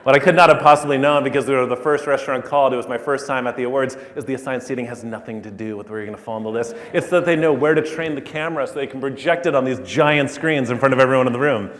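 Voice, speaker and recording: A man giving a conference keynote, telling a story in an animated way that builds to loud peaks. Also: mid-range voice, fast, few pauses. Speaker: keynote speaker. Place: large conference hall. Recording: echoey hall, speaker a little far.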